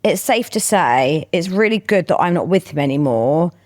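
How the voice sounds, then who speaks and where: Low-voiced woman reading a confession. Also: expressive, moderate pace, darkish tone, dry recording, clean studio sound. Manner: reads aloud then explains, playful asides. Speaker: podcast co-host. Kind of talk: casual chat, reading listener confessions.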